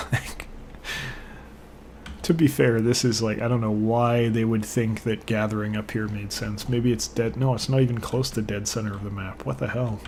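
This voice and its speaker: A man's voice: lowish voice, darkish tone, slight background noise. A young man giving let's play commentary, frustrated and swearing, rambling off into personal asides. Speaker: gaming channel host.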